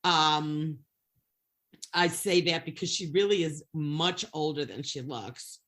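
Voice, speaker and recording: Bright, excitable, profane woman host. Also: deep voice, slow. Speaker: podcast host. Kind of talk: casual chat.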